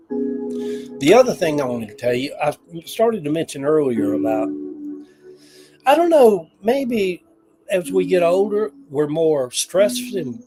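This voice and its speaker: A man's voice: on the high side, low-quality recording. An older man, chatting casually and emotionally on a livestream, rambling and reading viewer comments aloud. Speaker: livestream host.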